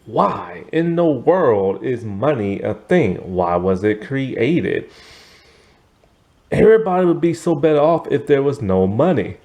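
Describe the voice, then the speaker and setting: A man's voice: mid-range voice, very animated, measured pace, darkish tone. A man giving a casual, rambling TV review, tired and yawning, full of asides and fillers. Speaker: TV show reviewer.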